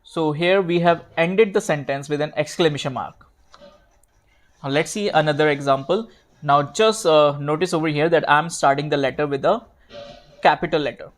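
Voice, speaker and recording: A man teaching grammar at a slow pace, repeating himself and correcting his own slips while writing out examples. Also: fairly high pitch. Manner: slow, repetitive, fillers and self-corrections. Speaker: English teacher.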